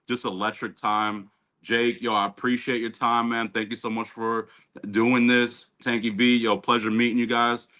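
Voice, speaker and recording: A man's voice: mid-range voice, pushed and bright. A man on a remote call, animatedly telling a story in street slang with many fillers. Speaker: guest. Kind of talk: casual storytelling.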